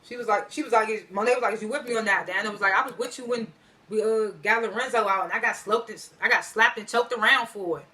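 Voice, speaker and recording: Her voice is fairly high, fast, pushed and bright as she rambles through a casual TV episode recap full of slang. Scenes come out as loose quotes, peppered with fillers and frequent self-corrections.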